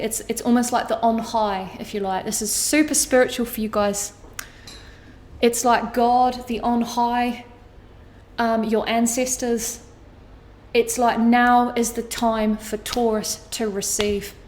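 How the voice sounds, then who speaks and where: Speaking slowly and flatly in a highish voice, a tarot card reader addresses her viewers with earnest emotion, often repeating herself and cursing casually. A little hiss or hum can be heard.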